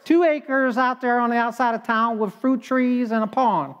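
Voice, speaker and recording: A man voicing a confused older woman in a joke, speaking haltingly and drawn out. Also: very high-pitched, fairly bright tone, lo-fi sound, pitched above the performer's own voice. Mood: muddled. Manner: halting, drawn-out, hesitant speech. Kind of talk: joke told in a sermon.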